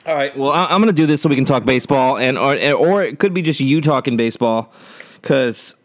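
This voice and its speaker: A man co-hosting a casual podcast, talking in an animated way and sputtering and coughing through burning hot sauce. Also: medium pitch, fairly quick, no room sound, clean studio sound. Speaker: podcast co-host.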